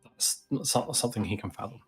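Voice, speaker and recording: A man narrating as game master, giving relaxed, matter-of-fact rulings. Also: medium pitch, a little fast, slightly rough, soft background music.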